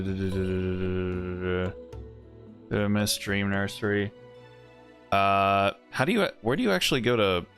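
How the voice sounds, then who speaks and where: A man's voice: on the low side, fairly bright tone. A man streaming a video game with casual, rambling, jokey commentary, often breaking into laughs. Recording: faint music underneath.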